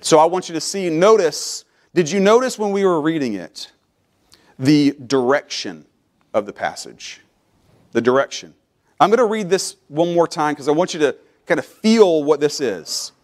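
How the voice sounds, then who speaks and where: A middle-aged man preaching a sermon as pastor in a church, moving from low, quiet explanation to loud, rising preaching. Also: expressive, moderate pace. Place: church sanctuary.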